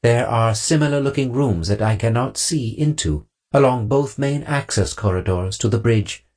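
A man voicing a calm, precise robotic ship computer, speaking in a slow, measured, formal way in an audiobook. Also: medium pitch, voice pushed up, lightly acted.

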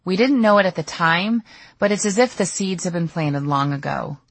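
A woman's voice: on the low side, lively intonation, moderate pace, slightly rough, no echo. A middle-aged woman narrating her own audiobook memoir in a candid, storytelling way. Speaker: author reading her memoir.

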